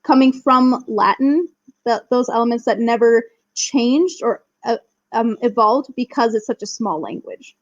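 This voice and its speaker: A woman's voice: a little high, unhurried, no room sound. Chatty young woman, dry dull audio. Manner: chatty, many "like" fillers, enthusiastic. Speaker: guest, Spanish teacher. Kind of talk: casual podcast chat.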